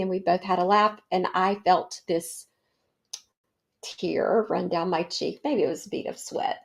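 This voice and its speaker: A middle-aged woman hosting a wellness show, telling a personal story in a warm, reflective way with fillers. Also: on the low side, fairly even intonation, unhurried, gravelly. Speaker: podcast host.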